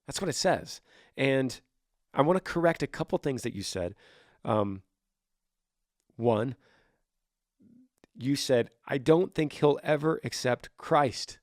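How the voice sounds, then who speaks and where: An earnest man in his thirties hosting a casual faith podcast, speaking at a middle pitch. He talks in an animated way, restarting and repeating words, and now and then acts out quoted voices. The sound is dry and close, with no room echo. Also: slow pace, pauses often. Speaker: podcast host.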